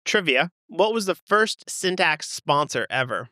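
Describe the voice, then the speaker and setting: A man, chatting casually as a podcast co-host in a loud voice that carries. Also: a little high, very animated, measured pace, no echo, studio quality. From Canada. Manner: loud, carrying voice. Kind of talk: casual chat.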